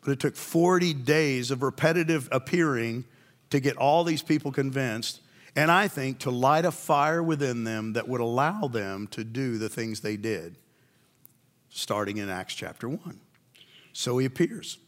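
A man delivering a sermon at a middle pitch. He tells the story in a relaxed, conversational way and keeps asking his listeners questions. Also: measured pace. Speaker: preacher.

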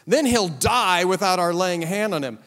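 A man reading the lines of an eldest brother, pleading forcefully. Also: high-pitched, lively intonation, moderate pace. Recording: long hall reverb.

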